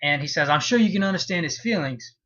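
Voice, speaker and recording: Speaking fast in dull audio, a man with a slightly high voice gives a casual review of a comic chapter. He's a manga reviewer whose animated retelling is full of profanity and acted-out reactions.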